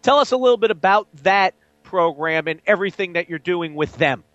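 A man's voice: sits high, lively intonation, brisk, a bit bright, dry recording, muffled recording. A man hosting a sports radio talk show, conversational as he leads into questions. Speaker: radio host.

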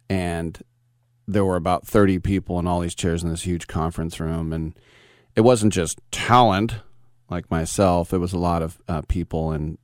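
Middle-aged male sports radio host, deep, smooth resonant voice, dry studio sound, anecdotal. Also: a little mellow, no echo. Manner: rambling anecdotal storytelling with chuckles. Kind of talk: casual sports talk radio.

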